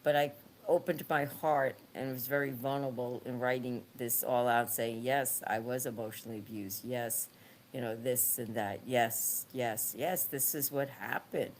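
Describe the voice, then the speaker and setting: A woman, a former nun, talking in a casual interview, telling her story in halting, restarting phrases and laughing easily. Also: rumbling low, fairly even intonation, slight background noise. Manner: halting, repeats words and restarts often. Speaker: podcast guest, former nun and author.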